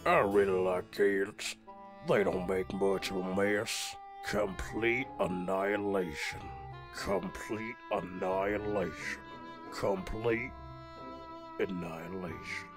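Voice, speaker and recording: Man doing a calm, menacing space tyrant. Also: sits low, slow, soft background music. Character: cold polite male space tyrant.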